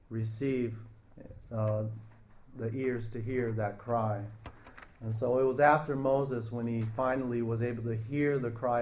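Male preacher, unhurried sermon delivery, earnest and halting. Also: medium pitch, a little hiss or hum. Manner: slow, earnest, halting with many restarts.

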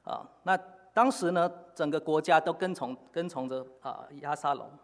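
A man preaching a sermon in short phrases, pausing often with fillers for an interpreter. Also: fairly high pitch. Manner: halting, many filler pauses. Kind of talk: sermon in Chinese with live interpretation. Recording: long hall reverb.

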